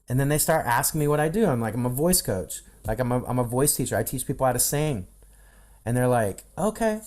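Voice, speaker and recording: Animated man telling a story on a video call. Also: medium pitch. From Midwestern United States. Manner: animated storyteller who acts out quoted dialogue. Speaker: podcast guest, voice coach. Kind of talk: casual storytelling in an interview.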